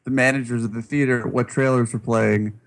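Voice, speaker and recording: A man's voice: medium pitch, fairly even intonation, moderate pace. A man co-hosting a casual podcast, wry and chuckling as he talks. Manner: wry, chuckles while talking. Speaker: podcast co-host.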